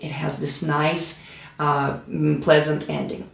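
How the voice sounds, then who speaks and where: A woman's voice: deep voice, level tone, slow pace, gravelly. A woman teaching piano in a play-along tutorial, giving patient step-by-step instructions. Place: room with a piano. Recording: roomy room with piano playing. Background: piano playing.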